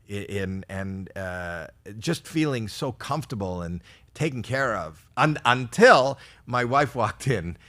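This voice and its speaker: A man's voice: fairly low pitch, fairly bright tone. A man in his sixties performing a stand-up routine for a virtual audience, telling rambling, self-deprecating stories with stammered restarts. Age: 60s. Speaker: stand-up comedian.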